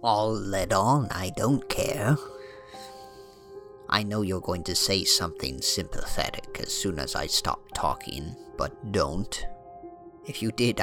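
A man's voice: deep voice, bright, forceful tone, full character voice. A man voicing a stubborn older farmer in an audiobook, talking in a rustic, drawling way with sighs.

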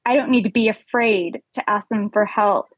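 A young woman, a podcast guest, candidly telling a personal story in an animated way. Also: mid-range voice, normal speed, slightly rough, no echo, rough recording.

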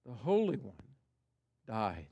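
A man preaching a sermon with passion, swinging from booming to hushed, reading and acting out scripture. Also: huge pitch swings, takes it slowly, slightly rough, highs cut off. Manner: reads and acts out scripture quotes.

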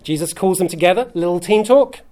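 A man's voice: high voice, a little fast, warm tone. A man, a pastor preaching a sermon in a conversational, humorous way, often checking in with "okay?". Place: church hall.

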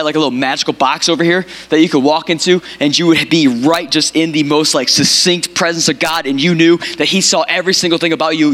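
A man's voice: a little high, fairly bright tone. A male pastor preaching a sermon, building up through emphatic repeated phrases and calling on the congregation to respond. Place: church. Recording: hall reverb.

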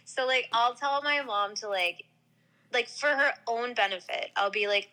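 A young woman talks in a loose, rambling way, packing her sentences with filler words. Her voice is very bright and has an edge to it. She sounds like she is chatting with a friend. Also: medium pitch, moderate pace, poor audio. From New York area. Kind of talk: casual chat.

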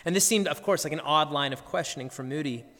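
A man's voice: fairly high pitch, fast talker, fairly bright tone. A man, a pastor preaching a sermon, telling a story earnestly and often repeating words as he goes. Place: church sanctuary. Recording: long church reverb.

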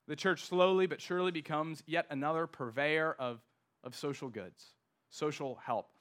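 A man preaching a sermon as pastor, emphatic, slowing down to stress key words. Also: fairly high pitch, a bit bright.

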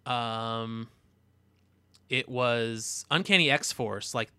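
A man's voice: mid-range voice, extremely slow, pushed and bright, smooth, dry recording. A young man, a guest on a casual comics podcast, talking hesitantly with many fillers and trailing-off restarts. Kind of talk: casual chat about comics.

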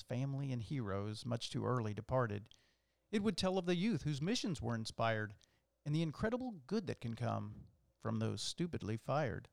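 A man reads a rhyming poem aloud in a gravelly voice of middle pitch. He keeps a rhythmic, measured pace and leans on the rhymes. The recording is dry and close. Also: no echo. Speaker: priest reading a poem. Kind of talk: poetry reading.

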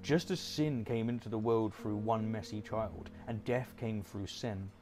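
A man's voice: lowish voice, steady tone, measured pace, over music, close to an everyday voice. A man voicing a cruel, self-righteous father in a parody story, swinging between solemn decrees and giddy self-praise.

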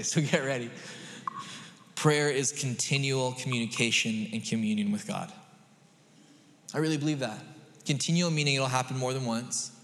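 A man preaching a sermon as a pastor, conversational and animated, rising to emphatic peaks. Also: mid-range voice. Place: church sanctuary. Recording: long reverb of a large hall.

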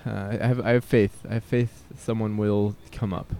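A man's voice: lowish voice, flat delivery, normal speed, dark tone, a little hiss or hum. A young man vlogging alone outdoors in a city park, rambling hesitantly and self-consciously. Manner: hesitant and self-conscious, with nervous laughs and many fillers. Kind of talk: rambling solo vlog.

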